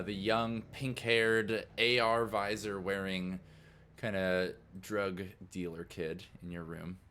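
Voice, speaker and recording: A man's voice: lowish voice, a bit bright. A man narrating as game master in a tabletop game, loose and casual.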